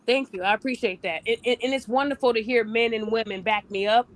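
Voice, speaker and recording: Woman, podcast host, relationship coach, high voice, blunt, casual chat. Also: quick pace. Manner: blunt, animated, acts out quoted voices.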